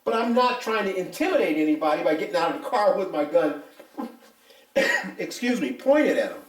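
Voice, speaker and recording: Recorded from afar in an echoey room, a retired policeman, now older, speaks at a moderate pace in a high-pitched voice. He shares his opinions in casual interview talk, storytelling bluntly and with lively emphasis.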